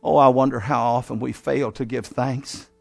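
A man preaching a sermon as pastor, telling the story dramatically and swinging between raised exhortation and quiet, close asides. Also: medium pitch, steady tone, normal speed, gravelly. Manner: dramatic storytelling, acting out scenes.

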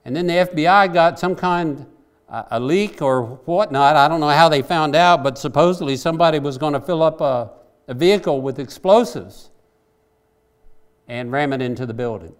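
A man's voice: a little high, moderate pace, clear, resonant tone. A man preaching a sermon, earnest and conversational, rising into impassioned pleas.

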